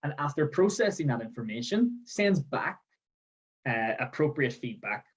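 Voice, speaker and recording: A man's voice: mid-range voice, a bit bright, rough recording. A man giving a training webinar, explaining step by step and checking in with the listener with a frequent "okay?". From Northern Ireland. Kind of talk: webinar presentation. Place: outdoors in the sun.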